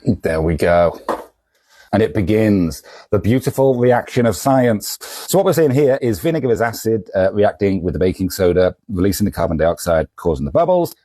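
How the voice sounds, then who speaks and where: Comic shop guy, bouncy pitch, dry close sound, rambling and self-mocking. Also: expressive, normal speed, mellow, dry recording. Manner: rambling, self-deprecating and jokey. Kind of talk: casual vlog with a kitchen science demo.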